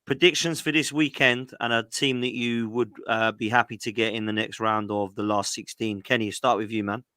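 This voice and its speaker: Bright, crisp-voiced male podcast host. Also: on the low side, steady tone, moderate pace. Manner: brief, agreeable, steers the talk. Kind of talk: casual chat.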